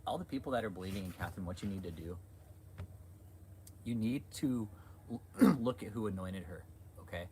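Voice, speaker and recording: A man with a fairly low voice rants on a livestream in a heated, profane, sarcastic way. Faint hiss sits behind him. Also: animated, normal speed, pauses often, a little mellow, poor audio. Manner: crude, heated, sarcastic, mocking impressions. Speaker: livestream host.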